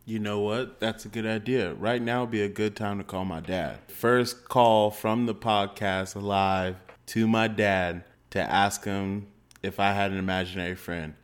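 Man host, slightly low voice, animated slangy storyteller, casual podcast chat. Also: a little slow.

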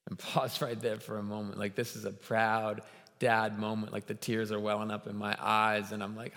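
A man's voice: on the low side, completely flat delivery, normal speed. Man preaching in a reverberant hall. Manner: storytelling, rising to loud emphatic peaks. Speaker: guest pastor. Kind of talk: sermon.

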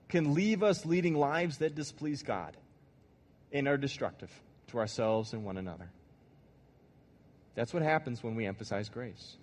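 A man's voice: fairly high pitch, in a large hall. A man giving a casual, conversational sermon as a pastor, joking and acting out quotes along the way. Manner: conversational, acts out quotes, jokes.

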